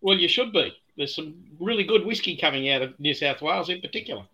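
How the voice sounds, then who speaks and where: An Australian man with a fairly high, bright and forceful voice spins easygoing yarns. He talks in a relaxed, rambling way, with a dry chuckle, as he chats from a remote call on a casual podcast. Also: quick pace, lo-fi sound. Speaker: guest distiller.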